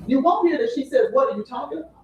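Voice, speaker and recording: A woman's voice: sits high, lively intonation, racing, dark tone, a little hiss or hum. A woman giving a courtroom opening statement as defense attorney, with emphatic repetition to the jury. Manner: emphatic, repeating "you'll hear" to a jury. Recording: echoey courtroom audio from far off.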